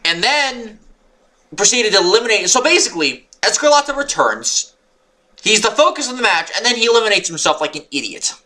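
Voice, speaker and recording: A man rambling through a wrestling show review, excitable and swearing, sometimes yelling when annoyed. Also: sits high, fairly quick. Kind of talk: unscripted recap monologue.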